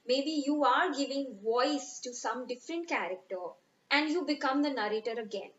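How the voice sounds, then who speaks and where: A woman teaching poetry recitation, speaking slowly and expressively and stressing words for effect. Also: high-pitched, roomy sound, muffled recording. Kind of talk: recitation lesson.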